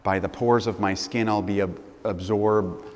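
A man's voice: on the low side, fairly even intonation, unhurried. A man preaching a sermon as a priest, asking questions and building emphatic lists. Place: church. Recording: long church reverb.

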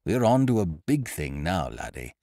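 A man's voice: low-pitched, big pitch swings, normal speed, vocal fry, warm tone, no room sound, studio quality, pitched below the performer's own voice, heavily acted. A man voicing an exuberant, blustering young boxing manager who talks in a hearty, boastful way.

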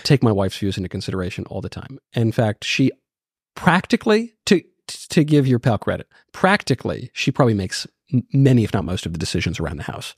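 A man's voice: fairly low pitch, big pitch swings, slightly rough, no room sound, clean studio sound. A man talking as a guest on a podcast, joking wryly and speaking his mind in casual conversation. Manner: wry, quick to joke.

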